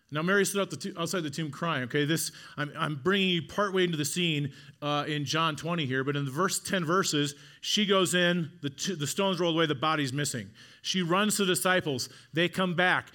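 A man delivering a sermon in a bright, somewhat high voice. He tells the story with drama, falling quiet and then rising into emphatic, repeated lines. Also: moderate pace. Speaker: preacher.

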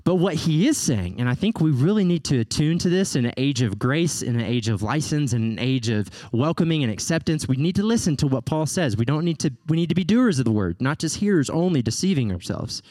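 Animated preacher man, dry close sound. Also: fairly high pitch, fairly quick, hardly any pauses, no room sound. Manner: animated, playful asides, rising to emphatic peaks. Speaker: pastor. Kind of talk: sermon.

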